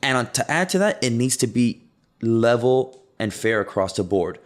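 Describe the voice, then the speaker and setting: A man's voice: mid-range voice, animated, moderate pace. A man co-hosting a casual talk show, speaking emphatically and reading out news headlines. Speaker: podcast co-host. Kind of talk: casual chat.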